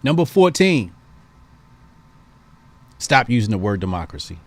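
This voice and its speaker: A man's voice: lowish voice, sing-song, a little slow, slight background noise. A man hosting a call-in show, giving emphatic, preachy political commentary and repeating points for stress.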